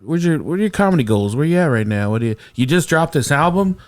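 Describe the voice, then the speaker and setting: A man hosting a casual podcast chat, joking and quick to laugh. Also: fairly high pitch, big pitch swings, darkish tone. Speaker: podcast host.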